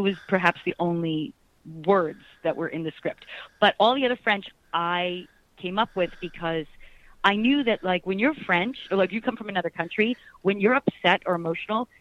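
A middle-aged woman chats as an interview guest, animated and laughing, her thoughts tumbling out in restarts. The sound is dull and lo-fi, like a radio broadcast, and the room is dry and close. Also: fairly low pitch, moderate pace, no echo. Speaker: actress, guest. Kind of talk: casual interview chat.

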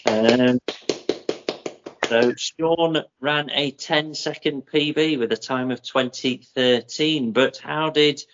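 A man co-hosting a running podcast, working through race results in a steady, methodical way with plenty of ums. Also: medium pitch. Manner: methodical, with many ums and drawn-out names. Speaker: podcast co-host. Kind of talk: casual chat, reading out running results. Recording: muffled lo-fi audio.

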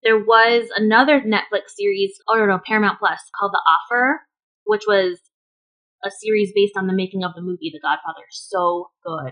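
A woman's voice: medium pitch, steady tone, moderate pace, a bit bright, rough recording. A woman co-hosting a podcast in casual chat, chatty and opinionated, laughing often. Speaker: podcast co-host.

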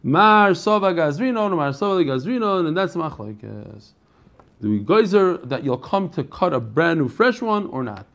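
A man's voice: a little high, sing-song, normal speed, a bit bright. An American man giving a Talmud class, reading the Aramaic text in a singsong and then explaining it in casual English with chatty asides to his students. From United States. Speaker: Talmud teacher.

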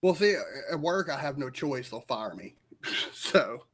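A man's voice: mid-range voice, sing-song, unhurried. A man co-hosting a podcast in casual chat, laid-back and wisecracking, swearing now and then. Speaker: podcast co-host.

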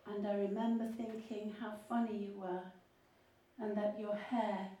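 A woman tells her poem like a story, slow and mellow-toned, in a conversational way. She is heard from some distance in a very echoey room. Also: mid-range voice, flat delivery. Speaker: poet. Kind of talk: poetry reading.

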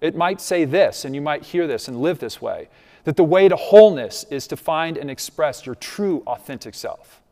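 A pastor with a fairly high, mellow, animated voice preaches at a normal speed. Conversational throughout, he asks the congregation "right?" to check in, while the church sanctuary lends the long reverb of a large hall.

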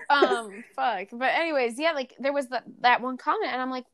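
A woman's voice: sits high, a bit bright, dry recording, clean studio sound. A young adult woman guesting on a podcast, telling a personal story in a candid, profane way, full of "like" and "you know". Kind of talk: casual podcast chat.

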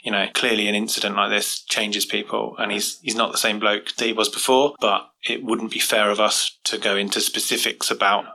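A podcast host with a low, sharply bright voice. He talks in a measured, reflective way, thinking out loud as he sums up what his guest went through. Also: little pitch movement, creaky, low-quality recording. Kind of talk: casual interview chat.

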